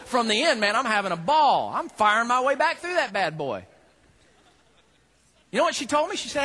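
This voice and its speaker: A man, preaching a sermon in an animated storytelling way that swings from loud preaching to quiet asides. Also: very high voice, brisk. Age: 30s. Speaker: pastor.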